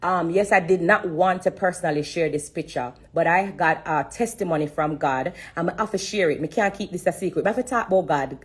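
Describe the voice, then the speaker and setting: Woman streamer, low husky voice, tearful earnest testimony on a live stream. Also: a little fast, few pauses. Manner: earnest, repetitive, fighting back tears. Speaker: livestream host.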